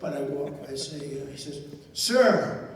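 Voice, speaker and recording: A man's voice: a little high, completely flat delivery, a little fast, a crowd in the background. Older man, rally speech, rambling story with acted voices, echoey distant sound, long hall reverb. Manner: digressive storytelling, acts out quoted dialogue. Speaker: political speaker at a rally. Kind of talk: rambling campaign speech anecdote. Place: large indoor event hall.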